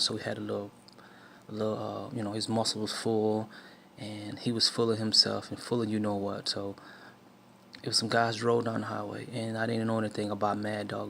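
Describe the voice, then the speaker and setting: A man from the southern United States shares a personal testimony and life lesson in a preaching tone, restarting often, using many fillers, and acting out quotes. His voice is fairly low, gravelly, and fairly bright, with a little hiss or hum in the audio.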